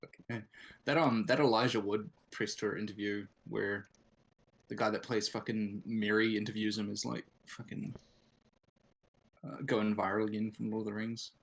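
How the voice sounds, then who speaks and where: A man's voice: fairly low pitch, little pitch movement, normal speed, vocal fry, a bit bright, breathy edge, rough recording. A man from New Zealand in casual podcast chat, telling stories in a laid-back, wry way. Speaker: podcast co-host.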